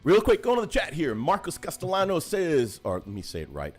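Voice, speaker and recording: Over a video call, the host of a hobby livestream chats casually and rambles on, his pitch swinging animatedly. His delivery is a little fast and breathy, and soft music plays in the background.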